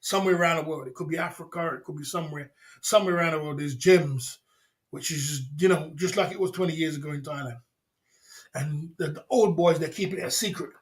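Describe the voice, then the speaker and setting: A man's voice: fairly high pitch, quick pace. A man hosting a casual livestream chat, rambling and repeating himself and calling out viewers by name. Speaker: livestream host.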